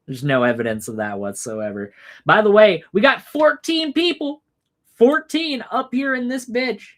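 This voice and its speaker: A man's voice: high voice, expressive, normal speed, fairly bright tone. Profane, sarcastic male livestream host. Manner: profane, sarcastic, laughs often; mocking put-on voices for imagined people. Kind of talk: casual livestream commentary.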